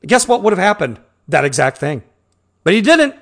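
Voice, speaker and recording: A man's voice: sits high, big pitch swings, moderate pace, fairly bright tone. A man co-hosting a podcast in casual chat, heated and profane, acting out quotes as he talks. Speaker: podcast co-host.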